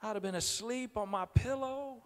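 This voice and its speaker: High-voiced preaching pastor in a hall. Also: male voice, moderate pace. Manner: storytelling, rising to loud emphatic preaching. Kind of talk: sermon. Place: church sanctuary. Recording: long hall reverb.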